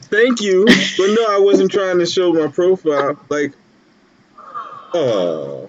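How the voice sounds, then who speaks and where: A man's voice: high-pitched, expressive, slow pace. A man co-hosting a casual live stream, rambling with many fillers and restarts over a video call. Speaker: co-host. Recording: dull lo-fi video call audio.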